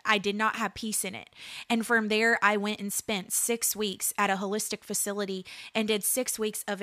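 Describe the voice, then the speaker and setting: A woman's voice: medium pitch, bright, forceful tone, dry recording, clean studio sound. A woman in her thirties giving an earnest preaching testimony, building emphasis through repeated phrases. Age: 30s. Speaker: speaker sharing a faith testimony.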